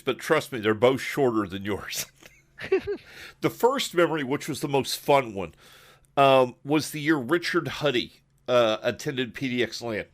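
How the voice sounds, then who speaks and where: A man hosting an online podcast, telling stories in a casual, animated way with frequent laughs and quick asides over a voice call. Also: mid-range voice. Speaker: podcast host. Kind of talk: casual storytelling chat.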